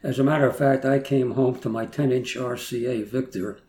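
A man's voice: medium pitch, steady tone, normal speed, darkish tone. An eighty-two-year-old man, reminiscing in casual chat and chuckling as he rambles through stories. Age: 80s. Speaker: guest. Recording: roomy echo, faint noise.

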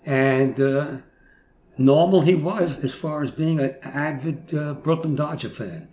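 An eighty-two-year-old man, appearing as a guest, reminisces in casual chat, chuckling as he rambles through his stories. His voice is a little high, a little slow and a little mellow. The recording has a roomy echo and faint noise.

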